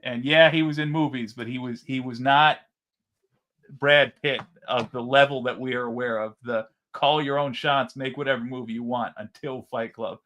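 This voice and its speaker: A man's voice: mid-range voice, fairly even intonation, normal speed, fairly bright tone. A man co-hosting a casual podcast chat, rambling and arguing his points while acting out quotes. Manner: rambling, argumentative, acts out quotes. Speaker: podcast co-host.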